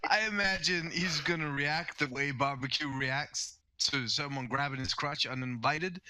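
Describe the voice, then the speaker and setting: A man playing an online tabletop game, talking in a drawn-out, lively way. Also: on the high side. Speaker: player. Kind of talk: casual chat during an online tabletop game. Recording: noisy online voice chat.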